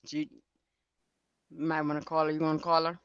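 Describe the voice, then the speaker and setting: A woman co-hosting a livestream who reads a court transcript aloud as the questioning lawyer, in a brisk clipped way, and chats casually between readings. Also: low voice, monotone, fairly bright tone, smooth, no echo, lo-fi sound. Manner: questions in a brisk clipped way, each ending with "right?". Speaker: livestream co-host.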